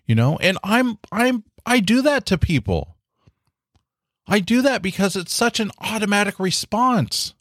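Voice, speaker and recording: A man's voice: high voice, big pitch swings, moderate pace, a bit bright, no room sound. Guy doing his own podcast, sincere and encouraging, lots of "you know", dry close mic. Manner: earnest, encouraging, many "you know" fillers. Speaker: podcast host. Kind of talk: casual solo podcast talk.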